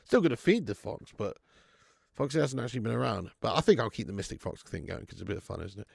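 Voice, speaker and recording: A man's voice: lowish voice, big pitch swings, quick pace, gravelly, a little mellow, husky, no room sound. A man hosting a live football watch-along, chatting and bantering with viewers, laughing often and calling out names from the chat. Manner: chatty, banter-heavy, laughs a lot, greets chat by name.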